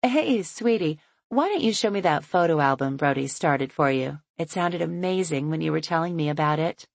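A woman voicing Kat, a friend who gently coaxes and teases. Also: sits low, expressive, normal speed, vocal fry, no room sound, full character voice. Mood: coaxing. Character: warm, playful woman friend.

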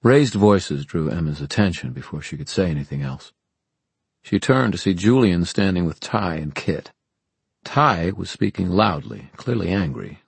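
A man reading an audiobook in calm, measured narration. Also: sits low, gravelly, husky, no room sound. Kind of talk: scripted narration.

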